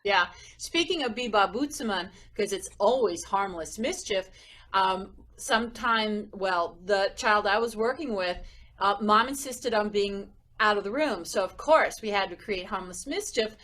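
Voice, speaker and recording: A woman's voice: medium pitch, unhurried. A woman co-hosting a music education podcast, chatting casually and acting out whispers and gasps as she tells teaching stories. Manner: animated, acts out whispers and gasps. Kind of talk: casual chat.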